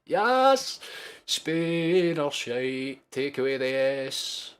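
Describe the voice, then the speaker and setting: A Scottish man in his twenties giving sweary, excitable live commentary while hosting a football watchalong stream. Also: medium pitch, normal speed, faint music behind. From Scotland. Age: 20s. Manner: excitable, sweary, shouting at big moments.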